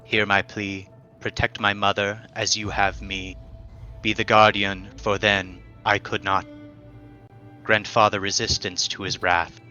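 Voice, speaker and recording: Man as an earnest, pious youth; formal, stammering, bright-toned, a bit low. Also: little pitch movement, measured pace, faint music behind. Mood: solemn prayer. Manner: stammering, overly polite. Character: earnest, devout young man, formal and shy. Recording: dull lo-fi mic.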